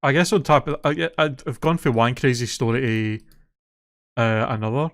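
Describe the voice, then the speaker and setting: A man's voice: mid-range voice, normal speed. Sweary man telling a story. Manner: swears freely, gets loud and worked up retelling stories. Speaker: podcast co-host. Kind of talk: casual chat.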